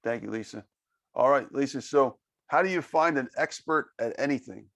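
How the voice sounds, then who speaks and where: Man, podcast host, slight accent, gravelly voice, dry sound. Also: medium pitch, moderate pace, a bit bright, no room sound. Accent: non-native English accent. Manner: friendly, laughs often. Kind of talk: casual interview.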